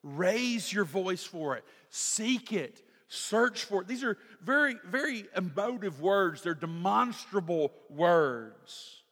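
A pastor preaching a sermon in an animated way, rising to shouts for emphasis. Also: male voice, high voice, takes it slowly, hardly any pauses. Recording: long hall reverb.

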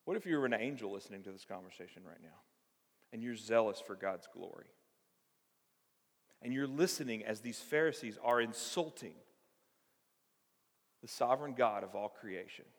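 A man preaching a sermon, animated, acting out the voices of the passage as he teaches. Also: lowish voice. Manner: animated, acts out voices of the text. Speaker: pastor. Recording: reverberant hall.

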